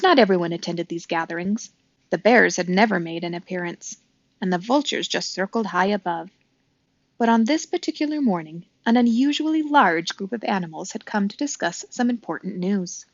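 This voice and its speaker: A woman's voice: mid-range voice, no echo. Woman reading a children's book aloud. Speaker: storybook reader. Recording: dull dry recording.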